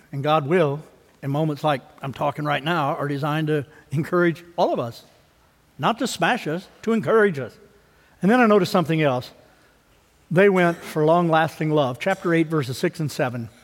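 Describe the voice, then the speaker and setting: A man in his fifties, a pastor preaching a sermon in a conversational way, dropping to low asides and rising for emphasis. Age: 50s. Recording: long hall reverb.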